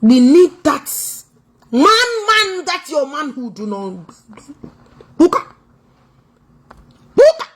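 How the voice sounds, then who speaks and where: This Nigerian online commentator, Igbo accent clear, takes it slowly with long pauses in a high, sing-song voice. She's loud, teasing and confrontational, scolding her target in a mocking vlog that blends Igbo, English and Pidgin.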